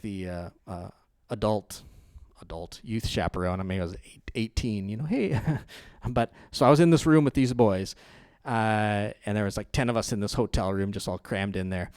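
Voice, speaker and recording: A young adult man pastor preaching a sermon in a conversational, storytelling way, laughing often and growing loud and animated in his stories. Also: on the low side, smooth, dry recording, clean studio sound. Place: church.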